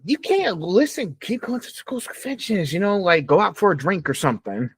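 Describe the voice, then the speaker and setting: A man hosting a podcast, chatting loosely and excitably with his guest, laughing often. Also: high-pitched, normal speed, husky. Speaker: podcast host. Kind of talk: casual interview chat.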